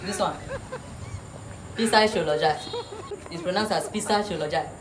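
A woman's voice: fairly low pitch, normal speed, a crowd in the background. A woman doing a comic teacher act, bossy in a mock way and teasing, repeating words with laughter. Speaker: comedian playing a teacher. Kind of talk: comic classroom sketch. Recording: noisy background.

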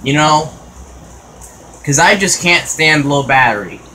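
A man's voice: fairly high pitch, expressive, measured pace, bright, forceful tone, slight background noise, low-quality recording. A man ranting casually to his own vlog channel in an exasperated, repetitive way, full of "you know" fillers, recorded on a phone. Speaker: vlogger.

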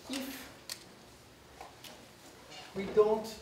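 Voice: mid-range voice, drawn-out words. Speaker with a French accent, unamplified. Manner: unamplified, speaking up to a full room, light laughs. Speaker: guest speaker. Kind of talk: lecture followed by Q and A. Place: university lecture room. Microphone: no microphone, recorded from far off. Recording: roomy, distant, noisy with no microphone.

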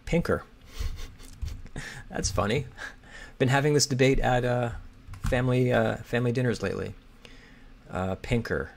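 Slow, gravelly man muttering crossword clues. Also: medium pitch. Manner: muttering, hesitant, reads clues aloud slowly. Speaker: crossword solver. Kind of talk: thinking aloud while solving. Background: keyboard typing and clicking.

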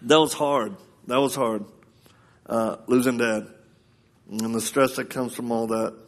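A man's voice: mid-range voice, measured pace. A man preaching a live sermon, telling personal stories with laughs, then urging the crowd directly. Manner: lively storyteller who laughs often and acts out quotes.

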